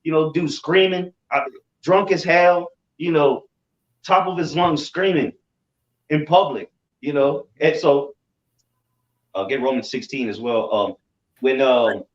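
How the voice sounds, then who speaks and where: Animated storyteller man in a roomy echo. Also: on the high side, a little slow, long pauses. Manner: animated, repeats himself, swears. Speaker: religious group member. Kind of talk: casual storytelling. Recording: roomy, distant, dull sound.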